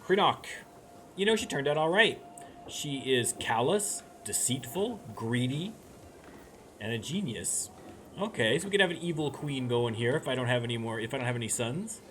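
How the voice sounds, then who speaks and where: A man's voice: mid-range voice, lively intonation, moderate pace, fairly bright tone. A man talking through a strategy game as he plays, thinking aloud in a chatty way with many restarts. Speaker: let's play streamer. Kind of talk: gameplay commentary. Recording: noise behind the voice.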